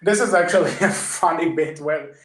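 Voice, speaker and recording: A man's voice: on the high side, normal speed, echoey room. A man co-hosting a podcast, eagerly retelling movie scenes at length in casual discussion. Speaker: podcast co-host.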